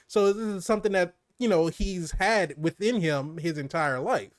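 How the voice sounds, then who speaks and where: A man talking through a film with a friend, in a voice a little higher than most. The recording is close and dry, with no room sound. He stays animated, laughs easily, and sinks his voice low when he wants to stress something. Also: normal speed, few pauses, no room sound. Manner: animated, laughs often, drops low for emphasis. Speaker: movie review co-host. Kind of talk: casual movie review chat.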